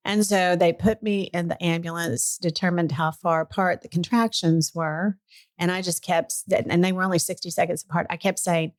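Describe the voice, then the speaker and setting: A middle-aged woman with a fairly low voice, the host of a chatty podcast. She tells a personal story in a lively, earnest way that turns emotional at times. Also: moderate pace. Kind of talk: personal storytelling in a casual chat.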